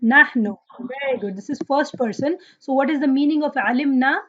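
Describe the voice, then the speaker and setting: A woman's voice: high-pitched, a little fast. A woman teaching an online Arabic grammar class, asking students questions, praising their answers and reciting Quranic verses. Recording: dull lo-fi audio.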